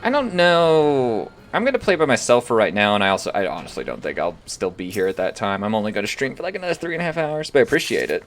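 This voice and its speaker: A man's voice: mid-range voice, big pitch swings, fast talker, hardly any pauses, soft background music. A young man talking casually on a live stream, rambling and swearing freely.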